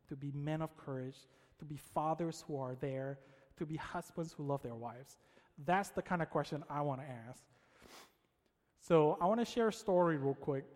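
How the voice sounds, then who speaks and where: A man's voice: on the high side, darkish tone, big-room sound. A man giving a sermon to men, telling a story in a casual, conversational way with frequent "right?".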